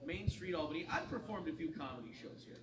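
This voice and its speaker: In the studio, this morning show host chats casually, recounting a bar story and performing the voices of those he quotes. His voice is a little high and quick. Heavy background noise, a crowd behind, and roomy, distant sound mark the recording.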